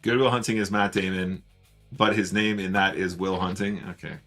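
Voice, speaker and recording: A man's voice: low voice, fairly even intonation, normal speed, fairly bright tone, soft background music. A man casually commentating his online poker play on a live stream, chatting with viewers as he goes. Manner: chatty, greets viewers while playing.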